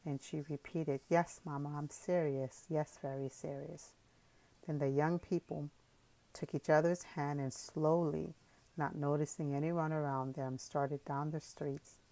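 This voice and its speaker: A woman reading an audiobook in calm, measured scripted narration. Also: sits low.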